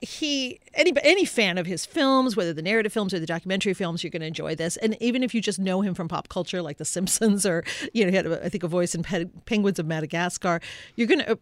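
An enthusiastic woman film critic talks through a documentary on a radio show. She speaks in a chatty, lively way and laughs often. Her voice is dry and close on a studio mic. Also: lowish voice, quick pace, no room sound. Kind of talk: conversational film review. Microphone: studio microphone.

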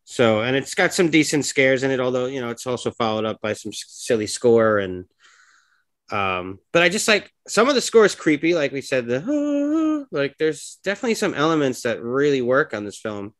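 A man of medium pitch speaks in a sing-song way at a moderate pace, his tone fairly bright. Co-hosting a podcast in casual chat, he sounds hesitant and searches for words, with many fillers and restarts.

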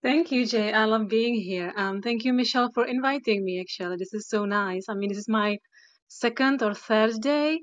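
A woman's voice: a little high, normal speed, no echo. Earnest woman sharing, dry lo-fi sound. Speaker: guest in live audio room. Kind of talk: casual personal sharing.

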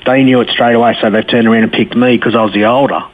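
A man's voice: medium pitch, fast talker. A middle-aged man with an Australian accent, telling his personal story as an interview guest in a candid, colloquial way. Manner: candid and colloquial, animated when retelling dialogue. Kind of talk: personal testimony in a radio interview. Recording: tinny phone line with faint noise.

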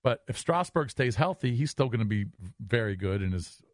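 A man co-hosting sports talk radio, laying out his points in a measured way. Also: medium pitch, lively intonation, dry recording, clean studio sound.

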